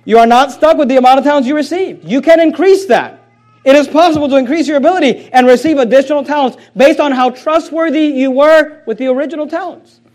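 High-voiced man preaching forcefully. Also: quick pace. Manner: forceful preaching with sudden loud outbursts and quiet drops; mimics excuses in a whiny voice. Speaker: pastor. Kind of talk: sermon.

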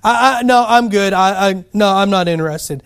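A man's voice: high-pitched, moderate pace, fairly bright tone, clean tone. A man voicing a wary male beaver who hesitates and stammers before giving in, told as a fable within a sermon.

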